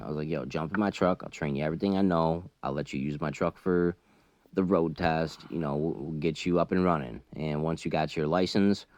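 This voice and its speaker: Very deep-voiced man telling a profane story. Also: no room sound. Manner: profane, animated storytelling that gets loud when worked up. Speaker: trucker and chess channel host. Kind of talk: casual storytelling over a chess game.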